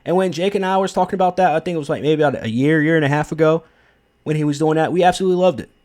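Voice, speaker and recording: A young man talks through his take in a casual, unscripted way, blunt and emphatic and sprinkled with profanity. He restarts sentences and leans on fillers as he thinks aloud. His voice sits a little higher than most men's. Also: rapid-fire, a little mellow. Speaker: wrestling commentary host. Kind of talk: casual opinion commentary.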